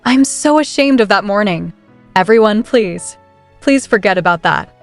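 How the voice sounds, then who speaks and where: A woman's voice: medium pitch, expressive, normal speed, soft background music, natural voice. Woman voicing a flustered young noblewoman. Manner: flustered, hesitant. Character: anxious young noblewoman reborn in the past.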